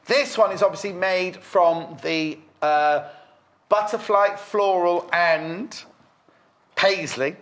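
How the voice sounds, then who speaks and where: His voice sits high and a bit bright, and he speaks slowly. The Merseyside man hosts a live shopping broadcast, effusing about products, repeating himself, and bantering teasingly with his guest in a chatty, salesy way.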